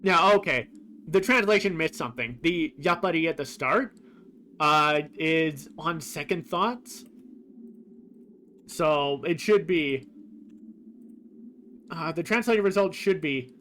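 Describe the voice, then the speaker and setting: A man with a slightly raised voice talks through a game on stream, halting often and searching for words. He pokes fun at himself as he explains things, and a faint hiss sits under his voice. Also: fairly high pitch, animated, pushed and bright. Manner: hesitant, fumbling for words, self-deprecating. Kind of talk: casual game stream commentary.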